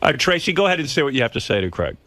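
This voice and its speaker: A man's voice: medium pitch, big pitch swings, racing, a crowd in the background. Teasing older male radio host. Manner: teasing, playful interviewer. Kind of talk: radio talk show banter.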